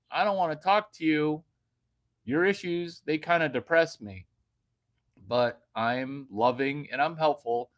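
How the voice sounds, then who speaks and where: Brash man doing a slow stand-up monologue. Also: mid-range voice. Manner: brash, jumps between whispers and sudden loud outbursts. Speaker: comedian.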